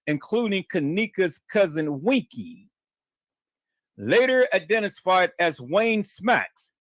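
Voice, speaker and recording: A man's voice: high-pitched, fairly bright tone, no room sound. Dramatic man stammering to his viewers. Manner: dramatic, repeats words, stammers, addresses viewers as peoples. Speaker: live stream host. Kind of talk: reading a report aloud and commenting.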